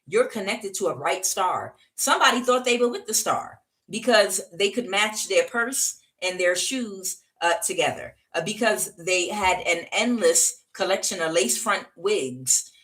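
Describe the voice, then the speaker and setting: A woman's voice: mid-range voice, very animated, a little slow, few pauses, fairly bright tone. A woman giving a casual tarot reading, talking bluntly with many fillers and frequent "okay?" check-ins. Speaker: tarot reader.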